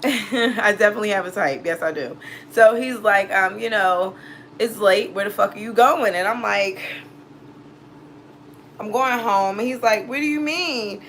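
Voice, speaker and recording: A woman's voice: medium pitch, unhurried, long pauses, fairly bright tone, slight background noise, rough recording. A woman, hosting a casual storytime vlog. She speaks bluntly and profanely and acts out both sides of every conversation. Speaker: tarot reader and channel host.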